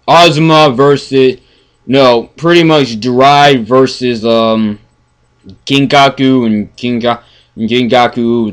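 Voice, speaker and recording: A man ranting in a casual review, profane and exasperated, stammering and swinging from mumbling to yelling. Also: mid-range voice, clean tone. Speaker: anime reviewer.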